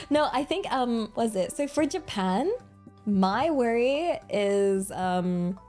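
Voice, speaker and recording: A bubbly young Englishwoman chats on her livestream with a bright, fairly high voice that swoops up and down. She talks in an excitable, giggly way. Soft music plays faintly behind her. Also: extremely slow, pauses often. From England. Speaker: streamer. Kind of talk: casual livestream chat.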